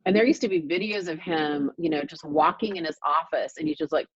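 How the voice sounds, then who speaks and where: A woman's voice: deep voice, fairly quick, husky, lo-fi sound. A woman real estate coach leading a group coaching call, speaking emphatically and repeating points for stress, over a video call.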